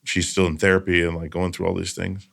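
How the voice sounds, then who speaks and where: A man with a lowish voice hosts a casual podcast chat. He tells stories earnestly and drifts into loose asides. The sound is a close studio microphone. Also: monotone, fast, creaky, a bit bright. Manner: storytelling, earnest, trailing asides. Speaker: podcast host.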